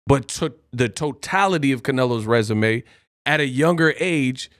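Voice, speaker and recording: Hosting a casual boxing live stream, a man jokes, laughs often and does impressions. His voice has a medium pitch and normal speed, captured as clean studio sound with no echo.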